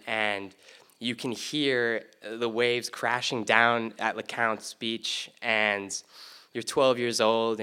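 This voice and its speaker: A man with a lowish, smooth and resonant voice tells a story on a theater stage before an audience. He talks in a relaxed, rambling way, and his tone is bright.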